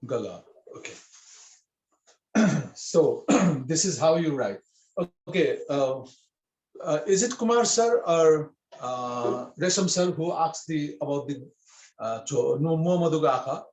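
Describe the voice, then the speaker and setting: A man's voice: a little high, expressive, slow, darkish tone, reverberant, low-quality recording. A man teaching a writing script in an online lesson, explaining patiently and repeating himself with many fillers over a video call.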